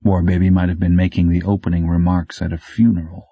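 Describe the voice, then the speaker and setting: A man narrating an audiobook in a low, even, hard-boiled delivery. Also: fast talker, slightly rough, no echo. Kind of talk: scripted narration. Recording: dull dry recording.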